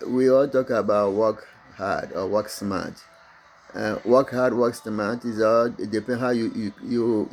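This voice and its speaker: A middle-aged Togolese entrepreneur whose native tongue is Mina stumbles through an English motivational talk about his business, restarting often and using many fillers. He has an accented, fairly low voice with vocal fry and a darkish tone.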